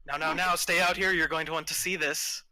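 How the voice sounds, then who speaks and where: A man's voice: on the high side, fairly even intonation, brisk, pushed and bright, dry recording, pitched above the performer's own voice, rough recording. A man voicing a tall, smug male villain with bone wings who speaks with mocking, false politeness.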